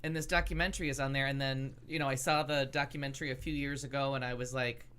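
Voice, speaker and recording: A woman co-hosting a casual talk show, telling a story in a rambling, halting way with many restarts. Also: extremely low pitch, fairly even intonation, a bit bright, clear, resonant tone. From United States. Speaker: podcast host. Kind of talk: casual chat.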